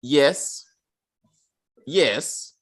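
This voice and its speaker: A man hosting a casual review chat, animated and acting out characters' lines as he talks. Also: mid-range voice, drawn-out words. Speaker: podcast host.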